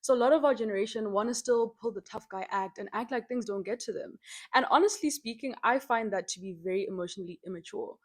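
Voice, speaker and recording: Frank Zimbabwean woman, high voice. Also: quick pace. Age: young adult. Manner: animated, frank, slangy, switches into Shona. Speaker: vlogger. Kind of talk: candid opinion vlog. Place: home, by a window.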